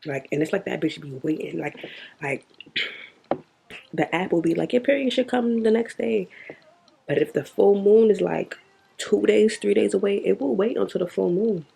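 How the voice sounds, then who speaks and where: A woman's voice: lowish voice, normal speed, vocal fry, mellow, slightly rough. A young woman in her twenties talking bluntly and profanely in a casual video diary. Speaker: vlogger.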